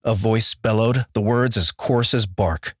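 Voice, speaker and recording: A man narrating an audiobook in a measured, clear voice. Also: on the low side, dry recording, clean studio sound. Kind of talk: scripted narration.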